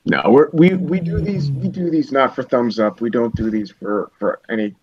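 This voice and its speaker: A man's voice: medium pitch, moderate pace, husky. A man co-hosting a casual gaming chat show, earnestly explaining tactics and his reasons for doing the show. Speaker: podcast co-host. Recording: dull, slightly lo-fi dry sound.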